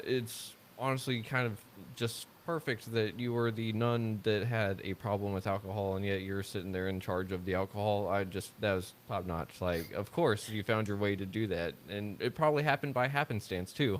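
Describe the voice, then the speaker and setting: A man hosting a casual interview, relaxed and jokey, often adding short agreeing sounds. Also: lowish voice, moderate pace, a little hiss or hum. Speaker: podcast host.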